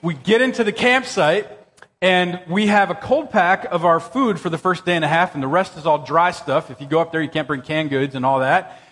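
A man preaching a sermon, telling a personal story in an animated, excitable way that jumps up into high exclamations. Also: moderate pace. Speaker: pastor. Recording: long reverb of a church hall.

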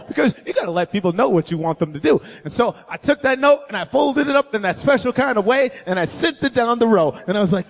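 A man with a notably high voice tells a humorous story from the pulpit, animated and full of acted-out voices. The sound carries a long, echoey hall reverb. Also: fast talker, gravelly, few pauses. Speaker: guest speaker.

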